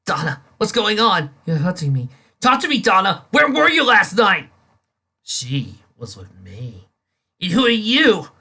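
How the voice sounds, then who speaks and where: A man's voice: a little high, very animated, a little slow, pushed and bright, husky, pitched above the performer's own voice, heavily acted. A comic reader voicing a frazzled young man, an anxious office worker who stammers under pressure. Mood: alarmed. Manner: flustered, stammering.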